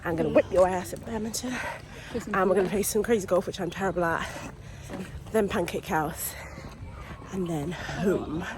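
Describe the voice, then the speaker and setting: A woman's voice: fairly low pitch, moderate pace, background noise. A young woman, chatting casually to the camera in a vlog, giggly and full of "like". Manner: chatty, giggly, uses "like" a lot. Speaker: vlogger.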